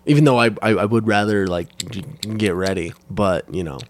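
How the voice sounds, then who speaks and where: A man's voice: lowish voice, a little fast. A young man co-hosting a podcast, joking crudely and laughing often in casual chat. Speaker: podcast co-host.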